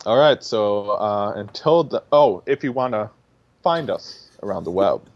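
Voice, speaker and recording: A man's voice: lowish voice, expressive, unhurried, lo-fi sound. A man co-hosting a podcast in casual chat, rambling a little and laughing often. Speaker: podcast co-host.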